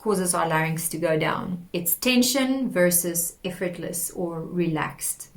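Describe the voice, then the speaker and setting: A woman teaching a singing lesson, explaining patiently and demonstrating sung warm-up exercises. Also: lowish voice, expressive, slow pace. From South Africa. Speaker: vocal coach.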